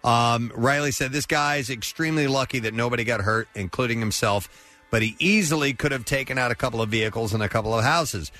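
A man's voice: mid-range voice, brisk, sharp tone, faint music behind. A man hosting a radio morning show, reading odd news stories aloud and laughing often as he goes.

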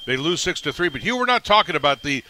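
A man hosts a live sports radio broadcast, talking at a brisk clip and steering the conversation. His tone is very bright and sharp-edged. He sounds upbeat and quick on his feet. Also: fairly high pitch, very animated, a little hiss or hum. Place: live remote broadcast at a racetrack. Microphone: broadcast microphone.

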